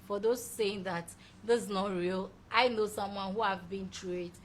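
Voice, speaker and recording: A woman's voice: mid-range voice, steady tone, moderate pace, slight background noise. A young woman hosting a show, chatting effusively and laughing often as she reads out viewer messages. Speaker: show host. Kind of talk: casual live-show chat reading viewer comments.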